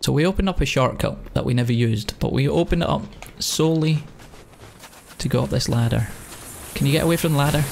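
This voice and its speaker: A man giving casual gameplay commentary as a let's play host, excitable and swearing a lot. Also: medium pitch, fairly quick, gravelly, background noise.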